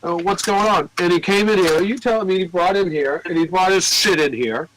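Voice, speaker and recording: A man chatting in a record store, his speech loose and profane. His voice sits a bit high, and he tells stories about customers with lots of animation. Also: brisk, fairly bright tone, a little hiss or hum, rough recording. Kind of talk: casual chat, telling store anecdotes.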